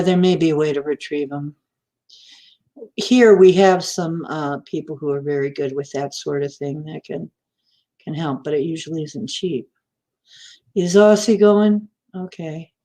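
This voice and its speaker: A woman's voice: sits low, fairly even intonation, measured pace, long pauses, mellow. A woman hosting a livestream, chatting casually with viewers, laughing often and greeting them by name. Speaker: livestream host. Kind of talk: casual chat with live viewers.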